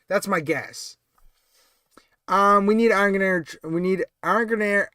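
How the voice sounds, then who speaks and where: A man's voice: sits high, bright, forceful tone, clear, resonant tone, no room sound, studio quality. A man hosting a casual live stream, reading out chat comments and thinking aloud with frequent fillers. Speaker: livestream host.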